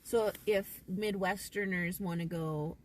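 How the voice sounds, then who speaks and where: A woman's voice: on the low side, steady tone, takes it slowly, distant mic, slight background noise. A woman live streaming from inside a parked car, chatting casually and rambling with lots of "like". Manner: chatty and rambling, heavy use of "like".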